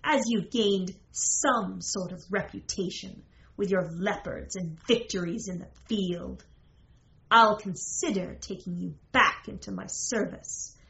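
A woman's voice: mid-range voice, gravelly, a bit bright, echoey room, lo-fi sound. A woman voicing a scornful, haughty noblewoman who speaks in a cold, threatening way.

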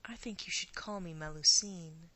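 A woman's voice: lowish voice, moderate pace, sharp tone, low-quality recording. A woman voicing an ancient predatory female creature who poses as a countess, with a purring, seductive, coaxing manner.

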